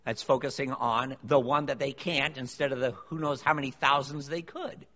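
A man's voice: medium pitch, fairly even intonation, normal speed, sharp tone. A man preaching a sermon to a congregation, emphatic and full of rhetorical questions. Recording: long hall reverb, dull lo-fi sound.

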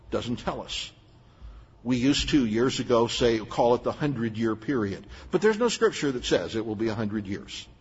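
An older man preaches as a pastor, earnest and emphatic, making plain asides to his listeners. His voice is medium-pitched and slightly rough, and the recording sounds muffled with a long hall reverb.

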